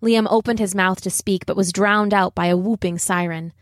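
A woman narrating a children's story aloud in a measured, gently expressive reading style. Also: medium pitch, dry recording, studio quality. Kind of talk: audiobook narration.

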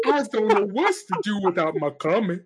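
A man's voice: high-pitched, sing-song, moderate pace, background noise. A man on a casual podcast panel, joking profanely in a sing-song way. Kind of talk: casual group chat.

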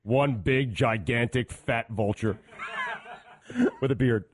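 A man's voice: medium pitch, takes it slowly. A man co-hosting a sports radio show, throwing in short, dry remarks. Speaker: radio co-host.

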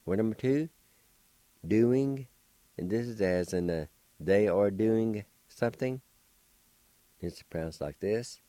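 A man's voice: fairly low pitch, slow pace, pauses often, warm tone, no echo. A middle-aged man hosting a radio vocabulary lesson. He patiently spells words letter by letter and repeats each pronunciation several times. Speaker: radio language teacher and host.

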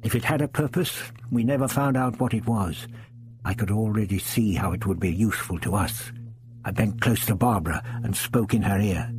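A man reading a first-person adventure story aloud in a measured, dramatic storytelling manner. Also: on the low side, slight background noise. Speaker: audiobook narrator. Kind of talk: scripted first-person narration.

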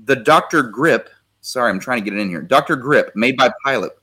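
A man's voice: mid-range voice, lively intonation, a little fast, sharp tone, husky. A man hosting a casual podcast chat, enthusiastically reading listener comments aloud and swearing casually. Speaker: podcast host.

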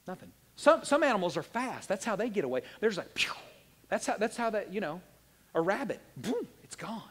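A pastor preaching a lively, joking sermon and acting out little voices. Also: male voice, high-pitched, a little fast, husky, in a large hall. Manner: animated, jokey, acts out little voices.

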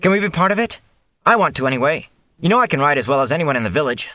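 A man reading an audiobook, voicing an eager, restless young village man who talks in an excited, pushy way. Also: mid-range voice, fast talker, no room sound, voice pushed up. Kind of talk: audiobook character voice.

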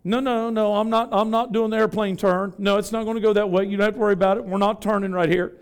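A Pentecostal bishop with a high, smooth, ringing voice preaches to his congregation. He talks in a rhythmic, folksy way and keeps calling questions out to the room. The sound is clear and resonant, the voice of a man at home in the pulpit. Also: steady tone, quick pace. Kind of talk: sermon. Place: church before a congregation.

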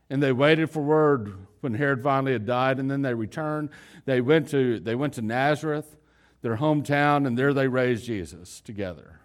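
Here a man gives a sermon built around a retold story, delivered informally with fillers and restarts, his volume rising to emphatic peaks and dropping to low, quiet lines.

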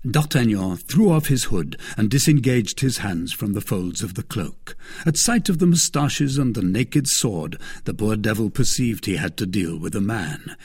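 Husky male narrator, animated pitch, dramatic classic-novel reading. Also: moderate pace. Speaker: audiobook narrator.

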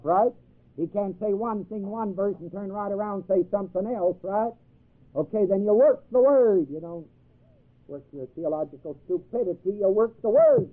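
A man teaching a Bible class in a sermon style, emphatic, quizzing his listeners with questions. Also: sits high. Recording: tinny phone-like old tape.

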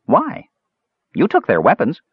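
A man voicing a small, eager, curious male kender in a high, excited voice. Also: unhurried, slightly rough, no echo, dull audio, heavily acted. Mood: puzzled. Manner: high, excited and wide-eyed. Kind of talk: audiobook character voice.

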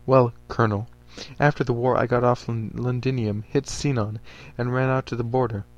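A man's voice: medium pitch, level tone, normal speed, dull audio, lightly acted. A man voicing an earnest male preacher, a former soldier, who speaks in formal, stiff phrases.

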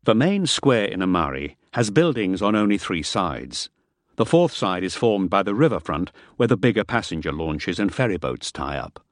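A man reads a first-person adventure novel aloud in a low voice with lively, varied inflection. The sound is dry and close, with no room around it. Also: no echo. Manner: measured first-person storytelling. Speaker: audiobook narrator. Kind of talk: scripted audiobook narration.

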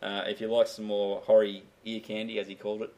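A low-voiced Australian man hosts a podcast, bantering at a fast clip. He jokes, laughs and lets sentences trail off while chatting with his co-host. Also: completely flat delivery, darkish tone, lo-fi sound. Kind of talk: casual chat.

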